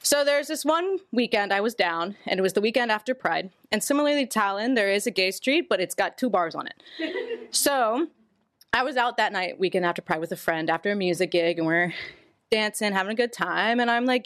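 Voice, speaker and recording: A woman's voice: mid-range voice, lively intonation, fairly quick, a bit bright, no room sound. Candid woman telling a story, dry sound. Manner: candid, laughing through the story. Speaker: storyteller guest. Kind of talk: casual storytelling.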